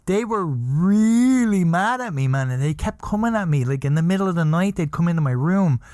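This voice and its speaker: A man's voice: high voice, lively intonation, moderate pace, darkish tone, dry recording, studio quality. A man hosting a podcast, telling a rambling comic story and laughing at his own jokes. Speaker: podcast host.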